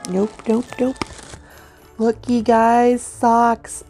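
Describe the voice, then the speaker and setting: A middle-aged woman chatting casually as she unboxes giveaway gifts, gushing with excited oohs and soft gasps. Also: mid-range voice, slow pace, long pauses, soft background music. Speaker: vlogger unboxing a giveaway box.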